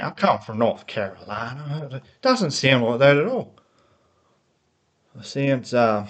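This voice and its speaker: Heated man ranting into his laptop. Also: mid-range voice. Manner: heated, rambling, repeats words and restarts, grows more worked up. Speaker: motorsport fan vlogger. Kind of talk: unscripted opinion rant. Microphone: laptop built-in mic.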